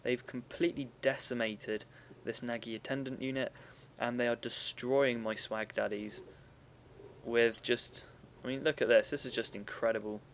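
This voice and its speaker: A young man talks through a replay of a strategy game battle in a loose, chatty way, often stopping to correct himself. His voice sits at an everyday middle pitch. A faint ambient hum stays under his voice. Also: steady tone, moderate pace, vocal fry. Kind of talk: casual gameplay commentary.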